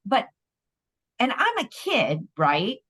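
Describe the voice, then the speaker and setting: A middle-aged woman co-hosting a podcast in casual chat, expressive and quick to exclaim. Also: a little high, husky. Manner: expressive, exclaims, restarts sentences. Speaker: podcast co-host.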